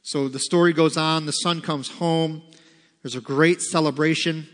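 A male pastor gives a casual, conversational sermon in a church sanctuary. His voice sits a little high and trails off into a long reverb. He reads old scripture aloud and slips into short acted voices to make his point. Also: steady tone, a little slow. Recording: long reverb of a large hall.

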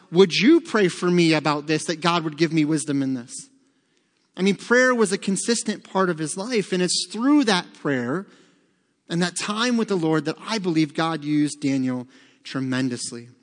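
A man's voice: high voice, fairly bright tone. A man preaching an earnest sermon as pastor, sometimes repeating words as he restarts. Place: church sanctuary. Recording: long church reverb.

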